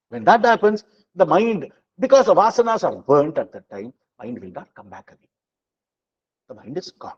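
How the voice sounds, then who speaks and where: A man teaching a scripture lesson, explaining slowly with many fillers and chanting verses. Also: on the high side, sing-song, breathy edge, lo-fi sound. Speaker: spiritual teacher.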